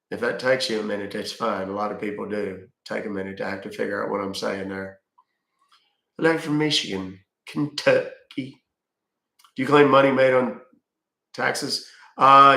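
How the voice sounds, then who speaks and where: A middle-aged man with a gravelly, fry-edged voice talks casually on a livestream. He reads questions from chat and answers them bluntly, dropping dry jokes along the way. The sound is roomy, with a noticeable echo off the walls. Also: mid-range voice, sharp tone. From Texas.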